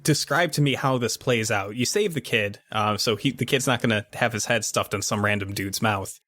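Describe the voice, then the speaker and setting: A man's voice: lowish voice, moderate pace, bright, forceful tone, no echo. A man running a tabletop game as game master, narrating scenes and prompting the player.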